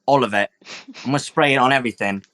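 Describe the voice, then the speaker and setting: A man's voice: medium pitch, quick pace, pushed and bright, close to an everyday voice. A man doing a crude, flirty rogue. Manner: brash, crude, flirty, calls people mate and love.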